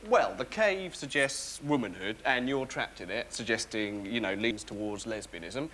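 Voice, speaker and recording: A man's voice: lowish voice, lively intonation, normal speed, sharp tone. An actor playing a neurotic, sleepless young man, who rambles in a wry, self-mocking way. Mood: smug. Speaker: sitcom lead. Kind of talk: comic monologue and dialogue. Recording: noisy TV broadcast recording.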